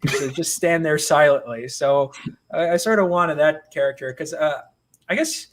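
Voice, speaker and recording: A man with a fairly high voice, speaking as the guest writer in a casual interview. He tells stories with lively, self-mocking energy, his voice jumping up when he gets excited. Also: normal speed, slight background noise. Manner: animated, self-mocking storyteller. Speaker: comic book writer, guest.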